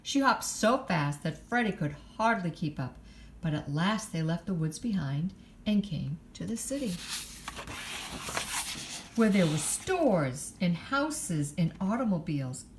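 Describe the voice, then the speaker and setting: A woman reading a picture book aloud in an expressive storytime manner. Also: on the low side, unhurried, background noise.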